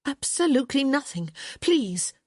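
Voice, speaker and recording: A woman's voice: sits high, very animated, unhurried, darkish tone, dry recording, studio quality, pitched above the performer's own voice. A woman voicing a tart, impatient young lady who bickers with her brother in an audiobook. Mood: exasperated. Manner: tart and firm.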